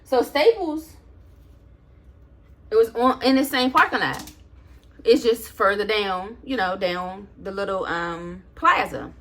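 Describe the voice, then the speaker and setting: A woman vlogger telling a story in a casual rant, exasperated and animated, acting out what she said while she preps food. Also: medium pitch, takes it slowly, long pauses, a little hiss or hum. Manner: animated, exasperated retelling with acted-out quotes; talks while prepping food.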